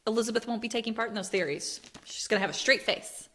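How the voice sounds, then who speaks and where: Middle-aged woman co-host, lively anecdote teller, bright and a touch high. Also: fast talker, a little hiss or hum. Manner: animated storyteller, acts out quotes with loud laughs. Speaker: podcast co-host. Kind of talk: casual chat.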